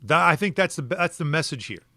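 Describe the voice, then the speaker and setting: Bright-voiced middle-aged sports radio host. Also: male voice, a little high, brisk, no echo, clean studio sound. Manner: animated, questioning, stumbles into restarts. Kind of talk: sports talk debate. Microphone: studio microphone.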